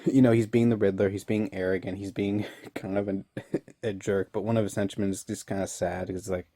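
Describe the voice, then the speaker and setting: A man's voice: lowish voice, flat delivery, a little fast, warm tone, no room sound. A young man casually recapping an episode, rambling and laughing often. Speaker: online reviewer.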